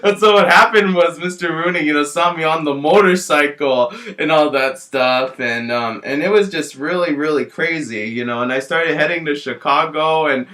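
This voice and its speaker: A vlogger tells an in-character story as a loose, rambling monologue, filling nearly every pause with "you know" and often starting his sentences over. His voice is on the high side, bright, with a somewhat tense edge.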